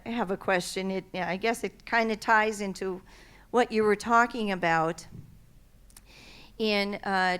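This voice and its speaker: Slow, hesitant woman asking a question. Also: medium pitch, fairly bright tone, smooth. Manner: hesitant, with many fillers. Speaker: audience member asking a question. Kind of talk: question from the floor. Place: church hall.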